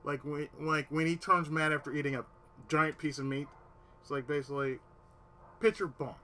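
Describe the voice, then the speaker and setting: A man with a bright, slightly higher voice tells a long personal story to his live stream, swearing freely and sometimes sinking to a near whisper to quote his own thoughts. A faint steady hum sits behind him. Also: moderate pace. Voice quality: swears a lot, drops to a whisper when quoting himself.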